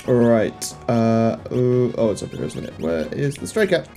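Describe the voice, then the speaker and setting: Young male let's-play host, mellow and warm tone, rambling self-deprecating jokes, faint game music underneath. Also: medium pitch, animated, a little fast, creaky, few pauses. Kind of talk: casual gameplay commentary.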